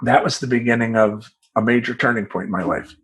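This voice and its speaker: A man who works as a life coach, telling a personal story in a profane, rambling, animated way. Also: medium pitch, a little fast, breathy edge, rough recording.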